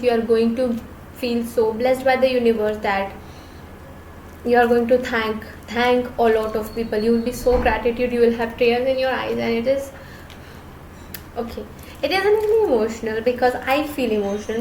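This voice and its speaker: A woman's voice: sits high, a little mellow, a little hiss or hum. Earnest woman tarot reader, roomy sound. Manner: earnest, reassuring, repeats herself, gets emotional. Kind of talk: tarot reading to camera.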